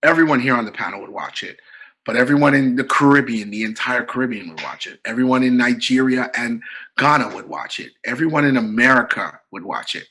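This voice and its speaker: A middle-aged Canadian comedian telling funny stories in a casual podcast chat, laughing often. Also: male voice, medium pitch, fairly quick, husky, poor audio. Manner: animated storytelling, laughing often.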